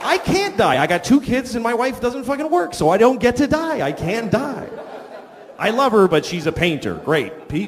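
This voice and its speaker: High-voiced ranting stand-up man. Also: slight background noise. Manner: crude, ranting delivery. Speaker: stand-up comedian. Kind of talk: stand-up comedy set.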